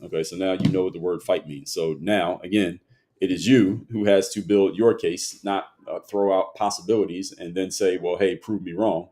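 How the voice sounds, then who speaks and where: A man's voice: deep voice, steady tone, normal speed, warm tone. A man hosting a livestream, reading chat comments aloud and arguing back at them in a lecturing way. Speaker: livestream host.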